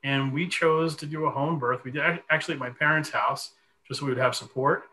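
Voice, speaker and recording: A man in his forties telling a long personal story in a podcast conversation, animated and full of fillers. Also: fairly high pitch, brisk, a little hiss or hum, low-quality recording. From Connecticut. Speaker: guest.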